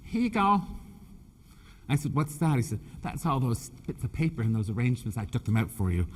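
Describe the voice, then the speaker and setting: A man's voice: medium pitch, expressive, fast, a little mellow, slightly rough. Joking Canadian man in a large hall. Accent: Canadian with a British touch. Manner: chatty, joking, addresses the audience. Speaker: floral design presenter. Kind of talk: live stage demonstration. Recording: long hall reverb.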